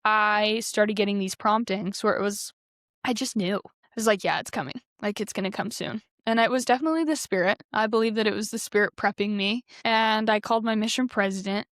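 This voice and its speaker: A woman's voice: medium pitch, a little fast, fairly bright tone, no room sound. Earnest woman in her twenties, guest sharing her story, filler-heavy, dry studio sound. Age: 20s. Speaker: podcast guest. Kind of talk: candid personal storytelling.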